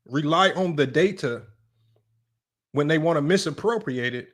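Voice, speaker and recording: Emphatic man hosting a sports debate stream. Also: fairly high pitch. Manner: emphatic, repetitive, keeps asking "right?". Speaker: sports debate show host. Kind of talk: livestream sports commentary.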